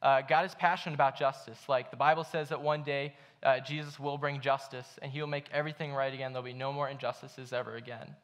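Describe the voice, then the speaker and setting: A man's voice: mid-range voice, little pitch movement, fast, few pauses, a bit bright. A young man preaching a sermon at a church, telling a story in a casual way with many fillers. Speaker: pastor.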